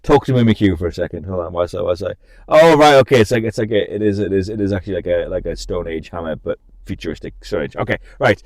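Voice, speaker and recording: A man's voice: low-pitched, brisk, a little mellow, no echo. A young man hosting a casual live-stream podcast, laughing often and interrupting himself as he reacts to viewers. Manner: giggly, scattered, self-interrupting.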